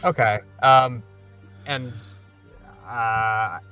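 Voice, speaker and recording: Bright-voiced man playing a tabletop game. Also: medium pitch, steady tone, extremely slow, soft background music. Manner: chatty, laughs easily. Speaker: player. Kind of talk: casual tabletop play.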